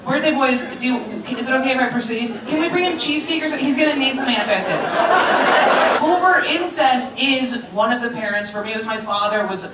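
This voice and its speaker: A woman's voice: sits high, brisk, heavy background noise. Brash woman comic in echoey club. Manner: brash, crude, deadpan punchlines with shouted asides. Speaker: stand-up comedian. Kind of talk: stand-up set. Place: comedy club stage. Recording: echoey club from far off with loud crowd.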